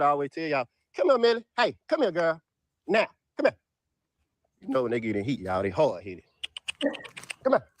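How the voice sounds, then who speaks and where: A man, casually pitching his dogs for sale to viewers outdoors in his yard, peppering his talk with "y'all". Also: no echo. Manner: drawls "y'all" constantly, Southern US dialect. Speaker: dog breeder selling dogs.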